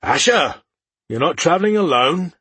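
A man's voice: mid-range voice, moderate pace, slightly rough, no room sound, natural voice. A man reading an audiobook, voicing a stern, tough older male barkeeper who speaks in a clipped way. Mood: surprised.

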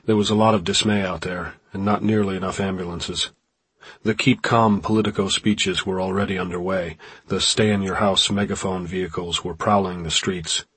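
A man reading a novel aloud in measured scripted narration. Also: low voice, fairly even intonation, fairly bright tone, slightly rough, no echo. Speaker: audiobook narrator.

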